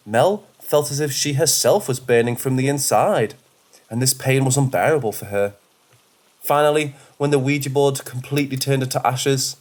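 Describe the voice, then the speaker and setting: A man reading horror stories aloud in a steady, measured narration. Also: medium pitch. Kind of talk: scripted horror story narration.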